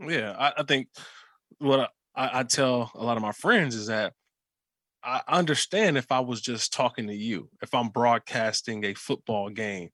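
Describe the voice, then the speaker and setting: A man's voice: medium pitch, normal speed, fairly bright tone, no room sound. A man who works as a sports broadcaster, talking casually and reflectively, telling stories from his own experience. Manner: reflective, storytelling. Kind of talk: casual conversation.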